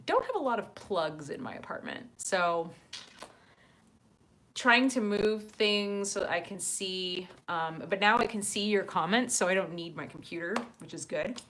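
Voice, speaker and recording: A woman's voice: mid-range voice, expressive, measured pace, a bit bright, slight background noise. A woman hosting a casual livestream from her apartment, chatting with viewers and reading their comments aloud with lots of ums. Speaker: livestream host.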